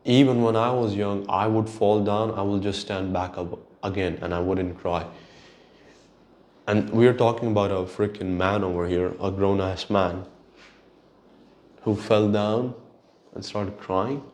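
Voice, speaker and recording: Solo host, male, low register, slow delivery, exasperated and foul-mouthed rant. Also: fairly even intonation, a little mellow. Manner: exasperated, profane ranting. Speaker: podcast host.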